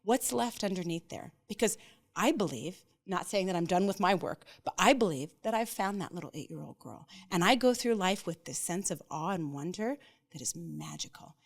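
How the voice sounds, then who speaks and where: A woman's voice: on the low side, lively intonation, moderate pace, vocal fry. A woman in her forties hosting a podcast, talking bluntly and emphatically in casual chat, swearing freely and often asking "right?". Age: 40s. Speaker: podcast host.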